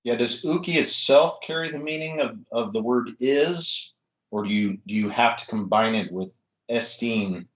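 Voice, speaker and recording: A man's voice: medium pitch, moderate pace, fairly bright tone. A male student asking a careful grammar question in an online class. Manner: asks a short, careful question. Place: online video call. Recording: echoey, dull call audio.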